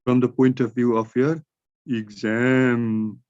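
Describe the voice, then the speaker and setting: A man with a Nepali accent leads an online English grammar class, reading example sentences slowly and word by word so students can copy them. His voice sits at a middle pitch, and the audio comes through dull and muffled over a video call. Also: level tone, darkish tone. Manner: slow, dictating sentences word by word. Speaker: English teacher.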